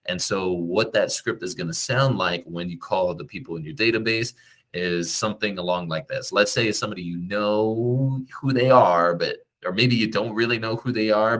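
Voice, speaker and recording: A man's voice: deep voice, normal speed, fairly bright tone. A man who works as a real estate agent, giving direct, coaching advice to the viewer in a casual vlog.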